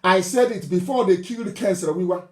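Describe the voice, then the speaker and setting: High-pitched man, fiery scolding. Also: fast talker. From southeastern Nigeria. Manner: scolding and mocking, with scornful laughs and sudden outbursts. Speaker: political broadcaster. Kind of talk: fiery political broadcast. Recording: roomy echo.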